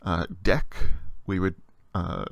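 Gravelly, low-voiced male teacher. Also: big pitch swings, slow pace, no room sound. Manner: patient and explanatory, frequent "uh" fillers. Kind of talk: recorded language lecture.

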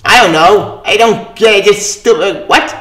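A man with a somewhat high voice talks his way through a comic book review in a loose, rambling manner. He sounds exasperated and swears freely. The room around him has a noticeable echo. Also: measured pace, a bit bright. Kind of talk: casual spoken review.

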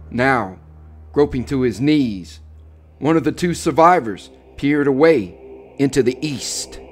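A man reads a horror story at a slow, deliberate pace, building suspense line by line. His voice sits in a middle register. Faint music plays beneath the narration. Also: mid-range voice. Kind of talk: dramatic reading of a horror story.

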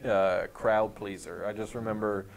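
A man with a fairly low voice talks as a festival director guest in a relaxed film review podcast. He circles his points with halting restarts and small fillers, and soft music plays faintly under the talk. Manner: rambling, halting, full of restarts.

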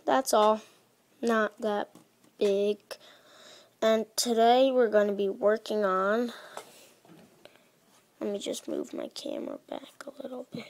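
A woman casually talking through her gameplay into her own desk mic, chatty and halting, often dropping to a hush. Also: mid-range voice, sing-song, creaky. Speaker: gaming vlogger. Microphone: own desk microphone.

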